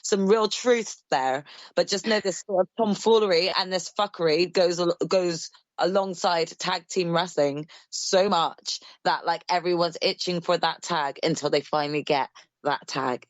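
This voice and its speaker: A woman's voice: lowish voice, measured pace, no room sound, dull audio. A woman co-hosting a podcast who explains things patiently, with many fillers. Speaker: podcast co-host. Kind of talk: casual podcast chat.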